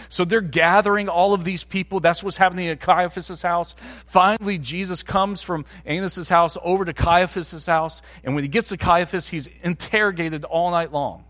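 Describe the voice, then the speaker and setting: A pastor preaching to his congregation, his voice sitting a bit high for a man. He talks conversationally and climbs into emphatic bursts on key lines. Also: steady tone, normal speed, a bit bright. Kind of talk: sermon.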